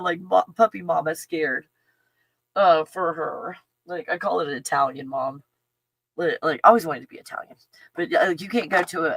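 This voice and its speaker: A woman's voice: lowish voice, fairly bright tone. A middle-aged woman chatting casually on a livestream in a rambling way, laughing often and talking to her dog. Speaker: channel host.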